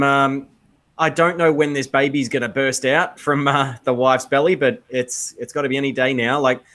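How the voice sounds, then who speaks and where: A man co-hosting a live-stream chat, talking in a relaxed, rambling way with many fillers. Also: medium pitch. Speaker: podcast co-host.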